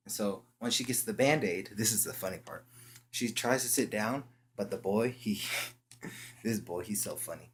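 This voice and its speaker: A young man with a low voice tells a story casually, full of slang. He halts often and restarts his sentences. A faint hum runs behind his voice. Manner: slangy, halting, with frequent restarts. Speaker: vlogger.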